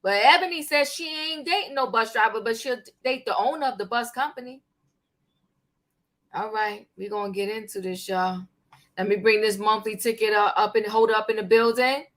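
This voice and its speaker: An older woman hosting a casual gossip chat on an online panel show, lively and playful, with lots of slang and filler. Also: a little high, moderate pace. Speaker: host.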